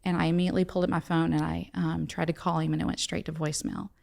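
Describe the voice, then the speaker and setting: A woman's voice: deep voice, level tone, rapid-fire, gravelly, a little mellow. A middle-aged woman, a guest telling a personal story in conversation, acting out the dialogue in earnest. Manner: retells events by acting out quoted dialogue, earnest.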